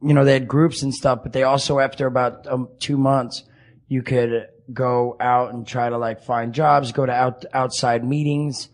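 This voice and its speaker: A young man with a gravelly, creaky voice at a middle pitch. He talks haltingly and often restarts his sentences, and he laughs easily. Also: little pitch movement. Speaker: guest. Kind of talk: casual conversation.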